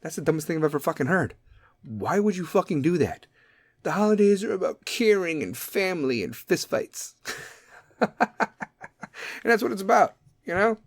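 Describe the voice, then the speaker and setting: Casual podcast guy ranting and swearing, kinda high voice, dry close mic. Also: normal speed, long pauses, no room sound. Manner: profane, animated ranting. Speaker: podcast host. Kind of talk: comedic rant.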